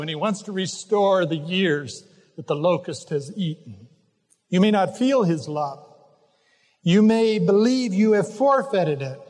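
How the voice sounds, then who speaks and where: High-voiced preacher in an echoing hall. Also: male voice. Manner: earnest, gently exhorting preacher. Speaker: pastor. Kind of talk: sermon.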